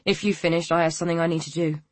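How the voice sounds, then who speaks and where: A woman's voice: lowish voice, flat delivery, racing, no echo, close to an everyday voice. A woman voicing a terse, defensive grown man who speaks through gritted teeth. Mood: curt.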